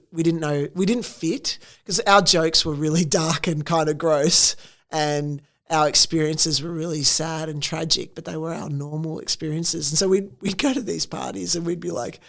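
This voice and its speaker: Chatty Australian woman, gravelly voice. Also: low voice. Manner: chatty, animated storytelling with acted-out quotes. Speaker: interview guest, entrepreneur. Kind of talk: casual conversational interview.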